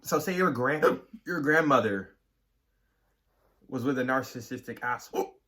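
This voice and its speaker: Male co-host, mid-pitched, casual chat, hiccuping, gasps break up his lines. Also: lively intonation, a little slow, bright, forceful tone, a little hiss or hum. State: has the hiccups.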